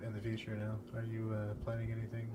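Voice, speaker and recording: A man's voice: lowish voice, completely flat delivery, fast talker, background noise. A man hosting a podcast in a laid-back casual chat, laughing often. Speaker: podcast host.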